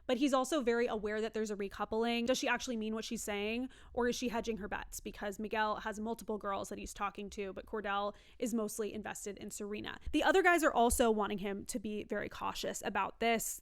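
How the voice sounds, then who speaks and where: A woman's voice: a little high, brisk, hardly any pauses. A young woman giving a casual, opinionated TV recap, chatty and laughing often. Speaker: TV recap reviewer.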